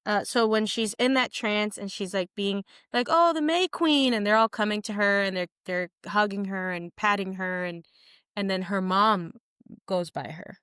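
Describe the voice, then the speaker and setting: A young woman co-hosting a podcast in casual chat, animated and jokey, acting out quotes. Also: mid-range voice, normal speed, clear, resonant tone, no echo, clean studio sound. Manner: animated, jokey, calls co-host "friend", acts out quotes. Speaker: podcast co-host.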